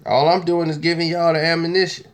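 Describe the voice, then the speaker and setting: A man's voice: fairly high pitch, level tone, fast. A man hosting casual opinion commentary, talking emphatically and teasingly, repeating his points. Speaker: host.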